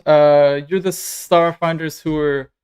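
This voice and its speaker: A man's voice: a little high, fairly even intonation, slow, darkish tone, clean tone. A man doing a shy, stammering dragonkin dad. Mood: nervous hesitant. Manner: hesitant, stammering, full of ums.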